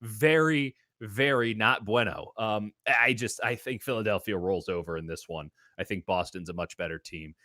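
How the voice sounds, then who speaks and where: A man's voice: low voice, steady tone, a little fast, few pauses, pushed and bright, dry recording, studio quality. A man hosting a sports betting show, giving his picks in casual talk and riffing with comic exaggeration. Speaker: sports betting podcast host.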